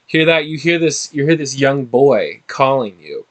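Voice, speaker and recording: Man, game master, tabletop narration, animated, lively pitch. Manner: animated, halting storyteller.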